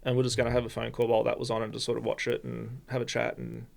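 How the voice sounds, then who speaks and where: An Australian man, a podcast guest, telling a personal story in a halting, rambling way with many restarts. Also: medium pitch, completely flat delivery, vocal fry. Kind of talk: casual storytelling.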